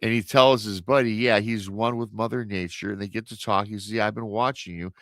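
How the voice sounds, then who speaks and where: A man's voice: fairly low pitch, fairly even intonation, a little fast, fairly bright tone, no room sound, studio quality. A man telling a spooky story in a casual, rambling way on a radio show, repeating words and acting out the dialogue.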